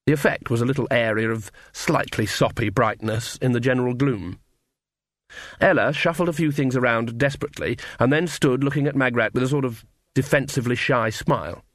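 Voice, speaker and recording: A man reading a novel aloud, even and wry, in a middle-range voice. The sound is dry and close, with no room echo. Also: medium pitch, fairly quick. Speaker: narrator. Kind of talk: audiobook narration.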